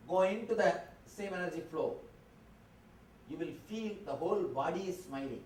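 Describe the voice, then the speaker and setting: A man as a spiritual teacher leading a guided meditation in a convention hall, giving calm instructions in slow, short phrases. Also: high voice, a little hiss or hum. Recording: roomy hall, distant mic, faint ambience.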